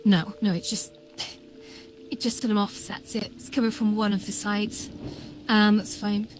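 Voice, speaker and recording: A woman livestreamer giving excitable building commentary, thinking aloud with lots of fillers. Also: mid-range voice, moderate pace, faint music behind, low-quality recording. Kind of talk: live-streamed world-building commentary.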